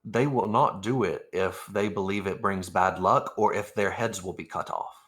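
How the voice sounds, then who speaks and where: A man's voice: lowish voice, normal speed, a bit bright, lightly acted. A man voicing an older ex-soldier adventurer in a tabletop role-play, with dry, teasing remarks.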